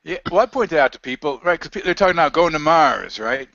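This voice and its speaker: A man's voice: fairly high pitch, animated, quick pace, vocal fry, fairly bright tone, dry recording. A man in casual conversation, rambling through anecdotes with frequent laughs. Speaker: guest researcher. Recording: dull lo-fi audio, dry.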